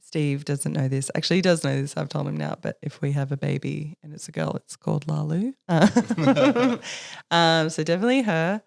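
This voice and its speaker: A woman's voice: low-pitched, moderate pace, creaky, darkish tone. A young Australian woman, a sommelier, chatting on a podcast in a bubbly way, laughing often and acting out what people say. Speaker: sommelier guest. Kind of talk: casual podcast chat.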